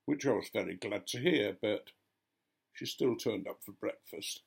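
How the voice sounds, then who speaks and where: A man's voice: on the low side, unhurried, gravelly, husky. An older man, a retired vicar, telling a story casually and acting out the voices of the people in it. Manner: gently amused, acting out quoted voices.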